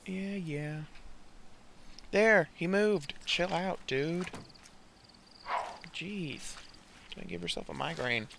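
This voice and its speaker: A man's voice: fairly high pitch, expressive, takes it slowly, vocal fry, pauses often, noisy background. A young man hosting a casual gameplay let's play, often exasperated and scolding the characters he controls.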